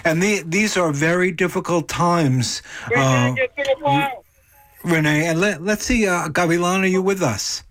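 Male radio host, slightly high voice, halting delivery with many restarts. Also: a bit bright, low-quality recording. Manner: halting, restarts questions often. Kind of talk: radio interview.

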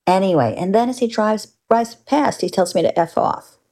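A woman's voice: on the low side, measured pace, a little mellow. An older woman telling a personal story in a wry, candid, conversational way, with mild profanity.

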